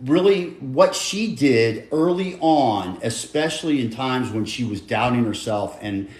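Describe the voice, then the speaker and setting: A man's voice: medium pitch, animated, unhurried, a little mellow, reverberant. A man hosting a casual livestream chat, reading viewer comments and talking conversationally. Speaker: host.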